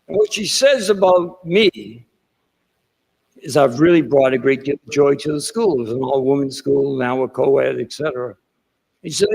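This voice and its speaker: Older man with a Boston accent, gravelly and a bit husky, who digresses through stories at a keynote. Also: mid-range voice, a little mellow, rough recording. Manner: digressive storyteller with asides and self-deprecating jokes. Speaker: keynote speaker. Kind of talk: rambling motivational speech. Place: conference hall.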